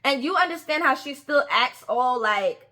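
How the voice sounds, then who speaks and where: A woman's voice: high-pitched, animated, moderate pace, sharp tone. A young woman giving opinionated casual commentary on a reality show, stressing points by repeating words.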